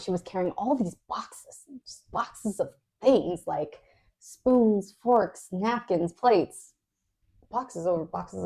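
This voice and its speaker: Chatty woman cohost telling a dream story, gravelly voice, kinda low. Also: mellow. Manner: recounts a dream in a chatty way, full of "like" and fillers. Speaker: podcast co-host. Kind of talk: casual storytelling.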